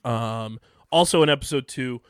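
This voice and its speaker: A man's voice: mid-range voice, moderate pace, clear, resonant tone, no room sound, clean studio sound. A man co-hosting a podcast, casually recapping episodes with frequent laughs and ums. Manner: laughs often, recaps plot with filler ums. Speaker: podcast co-host. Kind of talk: casual show recap chat.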